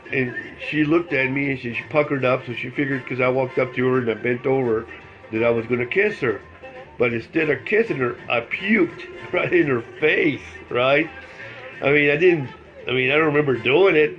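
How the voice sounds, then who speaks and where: A man's voice: medium pitch, highs cut off. An older man telling a rambling personal story in casual, plain speech, repeating phrases and cursing freely. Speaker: vlogger telling life stories.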